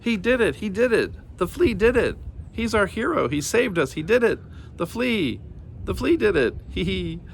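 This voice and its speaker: A man reading a storybook aloud, voicing an excitable, literal-minded male fly. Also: a little high, normal speed, a little hiss or hum, pitched above the performer's own voice. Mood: overjoyed. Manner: eager, bubbly, takes everything literally.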